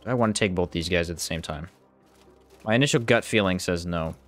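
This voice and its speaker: Over soft background music, a man talks fairly quickly in a fairly bright voice as he livestreams a game. He chats casually with viewers, reads out their messages, and reacts to the play, his pitch jumping when he's caught off guard.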